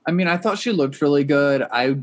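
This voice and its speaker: A man's voice: fairly high pitch, brisk. A man hosting a podcast in casual chat, leading the segments in an easygoing way. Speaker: podcast host. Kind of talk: casual chat reviewing a reality show.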